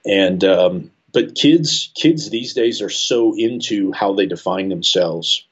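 Husky teacher telling a classroom story. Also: male voice, deep voice, slow pace, highs cut off. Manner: animated, many fillers like you know. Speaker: high school English teacher. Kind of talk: storytelling in a conversational interview. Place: works at a school in Colorado.

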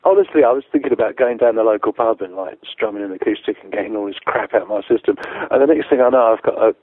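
A man's voice: lowish voice, quick pace, no room sound. Sweary man, tinny phone-like sound. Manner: profane, laughing, acts out others' lines. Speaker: musician telling a tour story. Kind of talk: casual anecdote, sweary storytelling.

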